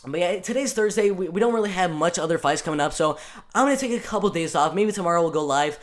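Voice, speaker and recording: A young man hosting his own fight-prediction channel, talking casually and excitedly with lots of ums and restarts. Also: high-pitched, fast talker. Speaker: MMA channel host.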